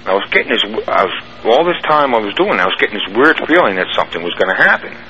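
A man's voice: lowish voice, sing-song, quick pace, pushed and bright. A man telling a long first-person story in a plainspoken, rambling way, with restarts. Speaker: guest caller recounting an experience. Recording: muffled radio broadcast with faint hiss.

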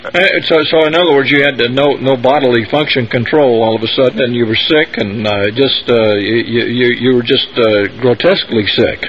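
A man hosting a radio talk show, asking questions in a halting way with many fillers. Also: medium pitch. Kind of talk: radio interview. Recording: muffled radio broadcast with faint hiss.

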